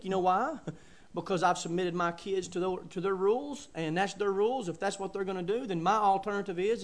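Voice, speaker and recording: A middle-aged man preaching a sermon, folksy and emphatic with chuckles and asides. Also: high-pitched.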